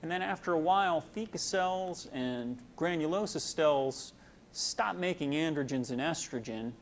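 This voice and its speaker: A man's voice: fairly high pitch, expressive, unhurried, a little hiss or hum. A man giving a casual medical lecture, folksy and full of fillers, explaining with homely analogies.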